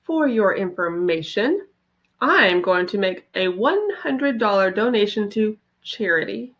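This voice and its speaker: A woman's voice: mid-range voice, animated, a little slow, a bit bright. A woman reading aloud and voicing a stubborn, smug little girl in a children's book. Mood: defiant.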